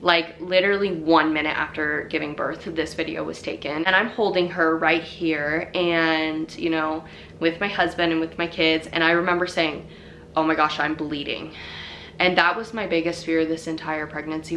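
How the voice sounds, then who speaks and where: A woman's voice: deep voice, a bit bright, a little hiss or hum. A young woman telling her own story in a chatty, casual way, full of fillers.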